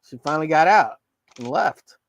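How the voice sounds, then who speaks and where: A man's voice: a little high, lively intonation, normal speed, gravelly, dry recording. A man chatting casually while drawing on a live stream, joking and teasing and laughing often.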